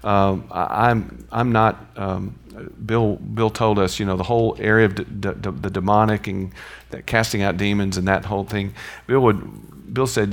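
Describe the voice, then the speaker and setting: A man's voice: on the low side, steady tone, normal speed, creaky. A man giving an informal Bible teaching, conversational and mixing in personal stories and chuckling asides.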